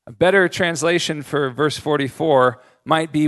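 A man in his thirties delivers a sermon, his voice sitting a little higher than most men's. He preaches in an easygoing, conversational way and slips in jokes as he talks. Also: moderate pace, few pauses, a bit bright. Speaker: pastor.

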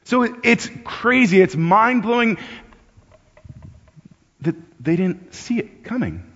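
A pastor with a high, fairly bright voice preaches loosely and conversationally, repeating words as he thinks aloud and raising his voice to act out urgent appeals. He speaks slowly with big pitch swings. The audio is dull and muffled, with long reverb from a large church hall.

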